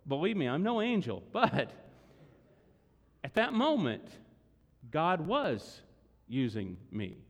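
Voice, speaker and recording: Taking it slowly and pausing often, a pastor with a slightly high voice swings hugely in pitch. He preaches and tells a story conversationally to his congregation in a large church hall, heard through long hall reverb.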